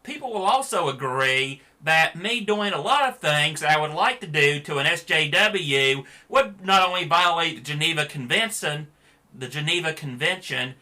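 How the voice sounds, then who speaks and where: A man's voice: fairly high pitch, sharp tone. A man giving a blunt, sarcastic opinion rant to the camera as a vlogger.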